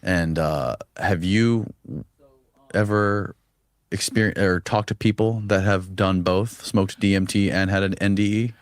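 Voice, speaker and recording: Deep-voiced man asking questions. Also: fairly even intonation, measured pace, no echo. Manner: conversational, asks questions. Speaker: interviewer. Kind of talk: casual interview.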